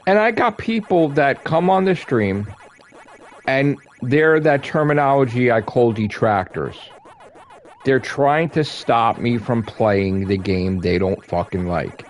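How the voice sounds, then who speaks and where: A man on a gaming live stream, ranting in a heated, profane way, repeating himself and swinging from loud outbursts to low grumbles. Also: expressive, slow pace, slight background noise. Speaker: gaming livestreamer.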